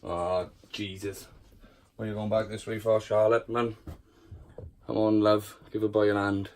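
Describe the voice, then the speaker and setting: Chatty man with a low voice. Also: completely flat delivery, moderate pace, a little mellow, slight background noise. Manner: chatty, swears freely, coaxes and scolds his spiders. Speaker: tarantula keeper showing his collection. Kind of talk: casual room-tour vlog. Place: bedroom at home.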